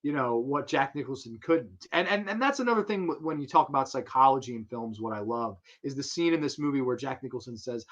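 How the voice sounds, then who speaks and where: A man's voice: mid-range voice, lively intonation, brisk, few pauses, a bit bright. Rambling, enthusiastic man, lo-fi audio. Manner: enthusiastic, rambling with fillers and restarts. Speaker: host of a film talk show. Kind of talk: casual film commentary.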